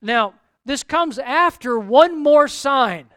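A male pastor preaching a sermon, animated, acting out the lines of the Bible's figures. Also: high voice, normal speed, no echo, clean studio sound.

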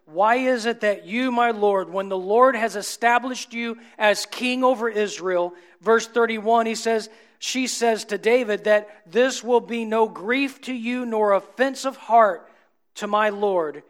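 A man preaching a sermon, asking the congregation rhetorical questions and swinging between emphatic peaks and low, soft drops. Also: measured pace.

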